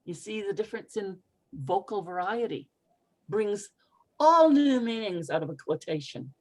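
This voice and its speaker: A woman coaching English pronunciation in an online group lesson, expressive and encouraging as she models phrases for learners to repeat. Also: medium pitch, normal speed, rough recording.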